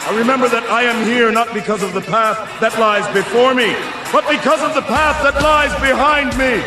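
An actor playing a defiant male war leader, shouting a rallying speech to his troops against the machines. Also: extremely high pitch, fairly quick. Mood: defiant, rousing. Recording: echoey clip with music and crowd.

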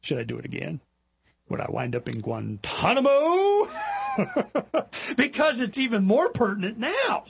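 A middle-aged man hosting a talk show, telling stories in a rambling, animated way and mimicking other people in high mocking voices. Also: unhurried, vocal fry, pauses often, husky. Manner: rambling, with repetitions and restarts. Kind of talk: casual monologue.

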